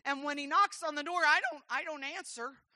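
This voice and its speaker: High bright preaching woman, dry sound. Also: steady tone, a little fast, no room sound. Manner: swings from hushed storytelling to shouted preaching. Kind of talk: sermon with storytelling.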